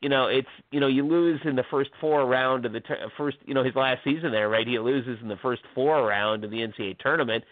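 A man's voice: mid-range voice, brisk, few pauses, dry recording. Male sports blogger, casual rambling podcast talk, full of "you know", dry, phone-like sound. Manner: rambling, many fillers and restarts. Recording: tinny phone-like audio.

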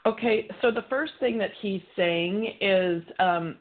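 A woman's voice: on the low side, moderate pace, hardly any pauses, narrow, tinny audio. A woman psychic medium giving a live reading on a call-in show, chatty, relaying messages as quotes.

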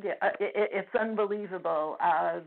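An older woman calling in to a radio show, speaking in a halting, emotional way and close to tears. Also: medium pitch, creaky. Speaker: caller. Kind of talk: phone-in radio chat. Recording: tinny phone line.

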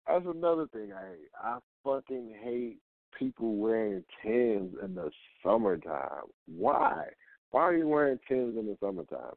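A man's voice: on the low side, vocal fry, dry recording. Blunt ranting man on a tinny line. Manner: blunt, profane and repetitive, hammering each point with rhetorical questions. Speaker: host of a rant show. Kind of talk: casual profane rant. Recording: dry, tinny phone-like sound.

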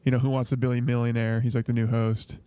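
A man's voice: medium pitch, flat delivery, quick pace, warm tone, clear, resonant tone, dry recording. A young man co-hosting a casual podcast, dropping dry joking asides. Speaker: podcast co-host. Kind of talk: casual chat.

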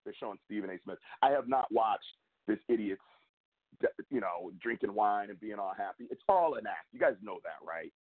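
A young man hosting his own sports show, venting in a fired-up, repetitive way with big jumps in pitch. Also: expressive, normal speed. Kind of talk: fan rant and commentary. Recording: tinny phone-like audio.

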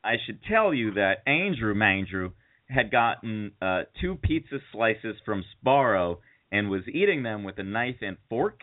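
A man's voice: on the low side, very animated, unhurried. A man hosting a podcast, telling a story in a rambling way and laughing as he goes. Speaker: podcast host. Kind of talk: casual chat, storytelling. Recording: tinny phone-like sound.

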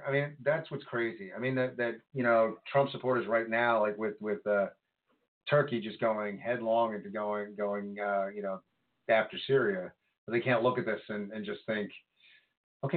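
A man co-hosting a casual podcast, talking politics in an animated, rambling way with lots of fillers and restarts. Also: lowish voice. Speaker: podcast co-host. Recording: phone-like lo-fi line.

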